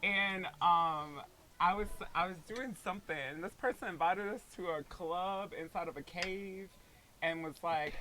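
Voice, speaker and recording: A man's voice: high voice, moderate pace, background noise. A man co-hosting a casual podcast, telling stories with lots of laughter and acted-out quotes. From North Carolina. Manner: animated storyteller, laughs often, acts out quotes. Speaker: podcast co-host. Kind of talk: casual chat.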